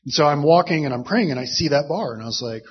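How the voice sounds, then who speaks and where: Husky-voiced man telling a story. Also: fairly high pitch, quick pace. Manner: rambling, animated storytelling with frequent fillers and laughs. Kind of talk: casual storytelling. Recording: muffled lo-fi recording.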